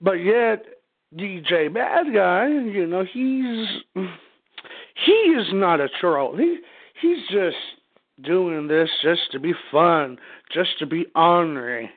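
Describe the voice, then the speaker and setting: A man chatting casually as a guest co-host, agreeable and slow-spoken. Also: high voice, lively intonation. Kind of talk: casual chat. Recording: tinny phone line.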